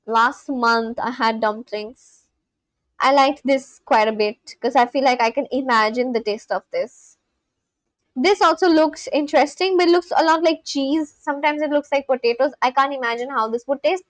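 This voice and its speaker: A woman livestreaming in a casual chat, gushing excitedly and talking straight to her viewers. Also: high-pitched, normal speed, no echo.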